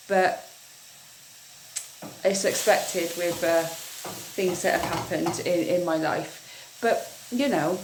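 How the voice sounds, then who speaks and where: A woman's voice: fairly low pitch, a little hiss or hum. A young adult woman, candidly chatting to camera in a casual vlog and often repeating herself. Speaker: vlogger.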